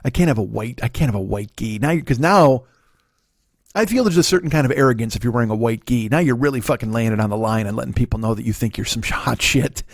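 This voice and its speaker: A man's voice: medium pitch, fast talker, no echo, clean studio sound. A middle-aged man with a Chicago accent, hosting a comedy podcast in a rambling, profane storytelling monologue. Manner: profane, loose storytelling with frequent fillers.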